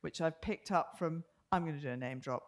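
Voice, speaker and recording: A woman's voice: sits low, fairly quick. An older woman co-hosting a live podcast on a theatre stage, telling stories and teasing with frequent laughter. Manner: giggly storyteller, teasing. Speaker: podcast co-host.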